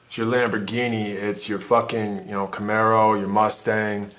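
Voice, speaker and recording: A man's voice: fairly low pitch, flat delivery, moderate pace, a bit bright. A man giving a blunt, swearing motivational monologue to the camera as a vlogger. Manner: intense, profane, emphatic.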